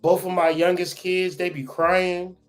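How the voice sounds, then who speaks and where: A man's voice: high voice, a little slow, faint music behind. Blunt, cursing man telling stories. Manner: blunt, profane, animated storytelling. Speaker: guest. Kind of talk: casual podcast chat.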